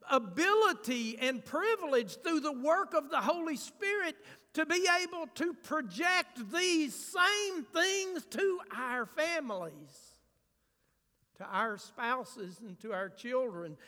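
Male pastor preaching in a church sanctuary, slow and deliberate delivery. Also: very high voice, sharp tone, long reverb tail. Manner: preaching with sudden swells of emphasis and asides. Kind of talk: sermon.

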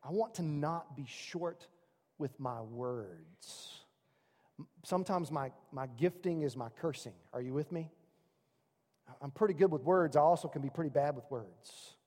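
A man preaching a sermon as pastor, swinging from loud excited calls to quiet, soft asides. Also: fairly high pitch, unhurried. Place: church hall. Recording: long reverb of a large room.

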